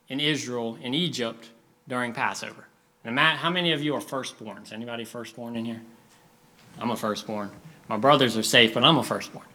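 A young man preaching a sermon in an animated storytelling manner, acting out scenes for his listeners. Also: medium pitch.

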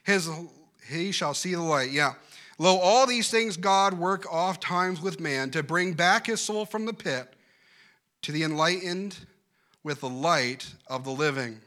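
A man preaching a sermon, emphatic, repeating key phrases and dropping from loud declarations to hushed, quiet lines. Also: sits high, a little slow.

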